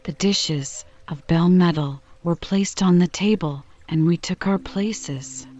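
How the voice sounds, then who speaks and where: A woman reading a classic novel aloud as an audiobook, telling the story in a measured, even way. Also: on the low side. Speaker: audiobook reader. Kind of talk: scripted narration of a classic novel. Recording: dull lo-fi with faint music.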